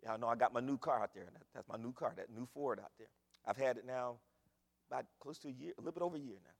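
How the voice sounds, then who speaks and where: An older man preaching a sermon, swinging between loud fervent calls and low hushed asides. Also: fast, gravelly, in a large hall. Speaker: pastor.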